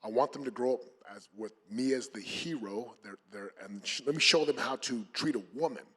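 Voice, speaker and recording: Male panelist, husky voice, earnest and emphatic, lots of restarts. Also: medium pitch, brisk, sharp tone. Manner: emphatic, many fillers and restarts. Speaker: panel speaker. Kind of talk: motivational panel talk.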